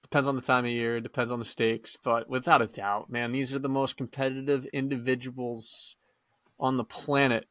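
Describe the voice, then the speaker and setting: Male podcast co-host, relaxed opinions, dry close recording. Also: medium pitch, dry recording. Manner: laid-back, drawn-out opinions with fillers. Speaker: podcast co-host and high school coach. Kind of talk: casual sports chat.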